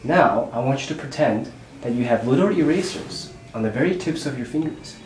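Calm male instructor, roomy distant sound. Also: mid-range voice, brisk, soft background music. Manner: calm, gently directive. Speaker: music instructor. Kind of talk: step-by-step instruction. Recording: roomy echo, distant mic, background hiss.

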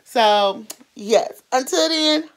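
A woman's voice: high-pitched, drawn-out words. A woman vlogger giving a casual, rambling movie recap with lots of fillers. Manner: rambling, animated retelling with many fillers.

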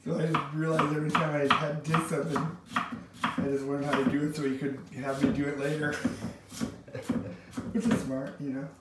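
A man from Wisconsin chats and tells family stories while cooking, slipping into voices for the people he remembers. His voice sits a bit high. The mic hangs well back in a very echoey kitchen, with a clear layer of background noise. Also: flat delivery, moderate pace, long pauses, far from the mic. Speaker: home cook and vlogger. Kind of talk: rambling storytelling while cooking. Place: home kitchen.

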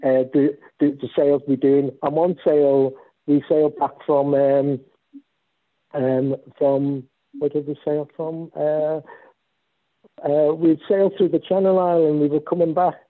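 A man's voice: on the high side, unhurried. A man casually telling stories about volunteering on a sailing ship, rambling with many restarts. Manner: rambling, animated when storytelling. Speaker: guest speaker. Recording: tinny phone-like line.

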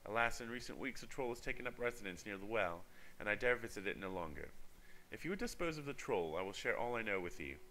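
A man's voice: lowish voice, animated, fast talker, a bit bright, a little hiss or hum. A man reading out the lines of a crafty old male sage in a text adventure game.

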